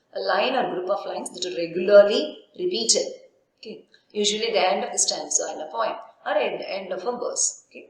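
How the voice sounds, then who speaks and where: A woman university lecturer giving a recorded literature lesson, asking herself questions and answering them, often saying "okay". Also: medium pitch. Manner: explains with frequent "okay" and rhetorical questions. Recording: very echoey room.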